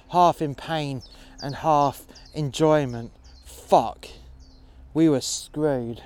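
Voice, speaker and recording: Man telling a dark, profane story. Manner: low-key, dramatic, heavy swearing. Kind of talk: first-person story narration.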